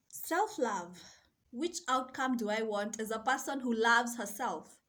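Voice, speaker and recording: A woman coach sharing a slow, soft and deliberate reflective monologue. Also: on the high side. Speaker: self-love and mindset coach.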